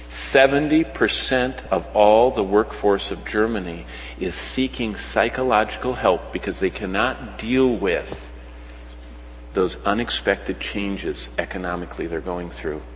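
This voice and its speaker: A man preaching a sermon, swinging between loud emphatic lines and soft, slow ones. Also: fairly low pitch, slight background noise. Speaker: pastor. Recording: long hall reverb.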